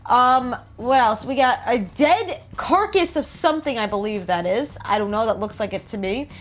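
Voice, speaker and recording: A woman's voice: fairly high pitch, animated, normal speed, a bit bright. A woman with a New Jersey accent, casually riffing and joking as she reads about game art. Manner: chatty, jokey, reads aloud and riffs. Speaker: host.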